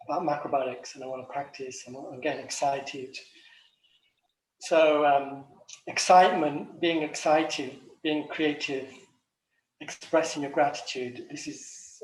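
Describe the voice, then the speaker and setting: English man, fairly high voice, loose reflective talk full of ums, echoey room, set back from the mic. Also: recorded from a distance. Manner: rambling, many ums and restarts. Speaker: macrobiotic chef and retreat director. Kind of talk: casual reflective talk at an online forum.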